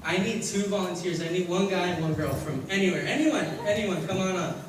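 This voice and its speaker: Man hosting a church youth game, joking, high voice, noisy hall. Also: brisk. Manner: energetic, joking, laughs often. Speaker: youth leader running a game. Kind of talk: live church youth talk. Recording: echoey hall, distant mic, loud crowd.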